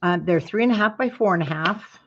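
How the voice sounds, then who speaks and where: A woman's voice: mid-range voice, brisk, fairly bright tone, muffled recording, slight background noise. A woman hosting a live craft tutorial, chatting to her viewers while she works and yawning now and then. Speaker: craft class host.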